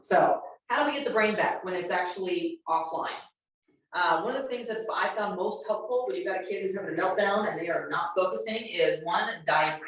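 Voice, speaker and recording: Lower-voiced woman, echoey and distant. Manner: earnest, repeats phrases for emphasis. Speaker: workshop presenter for educators. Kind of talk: teaching a workshop talk. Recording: echoey room, voice from far off the mic.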